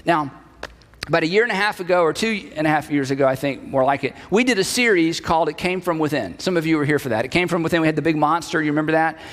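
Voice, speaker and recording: A man's voice: a little high, fast, fairly bright tone, big-room sound. A male pastor giving a conversational sermon, acting out short bits of inner dialogue.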